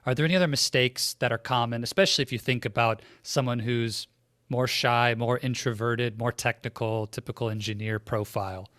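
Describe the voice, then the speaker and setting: A man's voice: medium pitch, steady tone, brisk, fairly bright tone, no room sound, clean studio sound. A man hosting a podcast interview, speaking reflectively and conversationally and asking long, framing questions. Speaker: podcast host.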